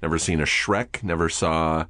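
A man's voice: rumbling low, steady tone, normal speed, bright, forceful tone. A middle-aged man hosting a podcast, rambling in a laid-back way with some swearing. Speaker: podcast host. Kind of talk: casual chat.

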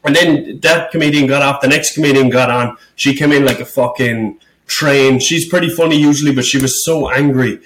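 A male podcast host and stand-up comedian tells a story in a worked-up rant, full of swearing. His voice sits at an ordinary pitch. The room gives it a clear echo. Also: normal speed, slight background noise. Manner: animated ranting storyteller who swears a lot. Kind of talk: casual podcast chat. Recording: roomy echo.

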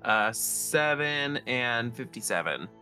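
A man's voice: mid-range voice, expressive, slow pace, bright, forceful tone, clear, resonant tone, soft background music. A man playing in a tabletop game, asking questions in a casual way. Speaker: player.

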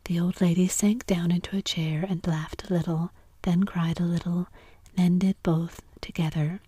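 A woman narrating a storybook in whispered role-play, soft and measured. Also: lowish voice, fairly even intonation, breathy edge, dry recording.

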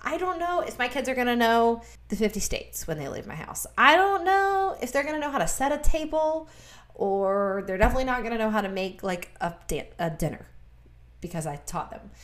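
A woman's voice: fairly high pitch, sing-song, brisk, fairly bright tone. A woman in her thirties speaking earnestly in a faith-based podcast conversation, repeating words for emphasis. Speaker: guest speaker.

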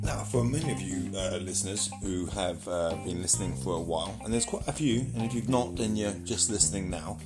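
A man hosting a podcast, reporting from outside a station in a loud, excited, hurried way. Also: low-pitched, over loud music. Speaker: podcast host. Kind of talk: on-location report.

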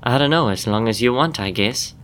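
A man's voice: medium pitch, expressive, a little fast, a bit bright, slight background noise, close to an everyday voice. A man voicing a tall, shadow-faced male creature in a top hat who whispers and echoes the ends of his own sentences. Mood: whispery.

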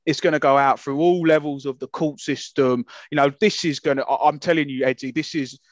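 A man's voice: a little high, steady tone, brisk, no room sound. A man co-hosting a casual podcast, ranting with passion and indignation and swearing freely. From England. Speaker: podcast co-host. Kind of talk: heated casual podcast rant. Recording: dull lo-fi sound, dry.

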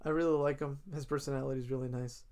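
A man in casual chat, recapping a TV episode and acting out characters' lines in quick asides. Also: mid-range voice, flat delivery, darkish tone.

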